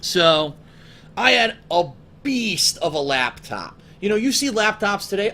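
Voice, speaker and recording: A man's voice: high voice, expressive, a little slow, sharp tone. A man casually telling profane, rambling stories to his viewers as a gaming show host, acting out his friends' voices as he goes.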